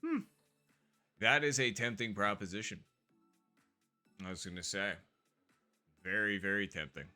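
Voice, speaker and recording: Low-voiced guy streaming, rambles a lot, super bright tone, faint music behind. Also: animated, measured pace, long pauses. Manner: rambling, chatty, with frequent fillers and self-asides. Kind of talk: casual live-stream chat over a game.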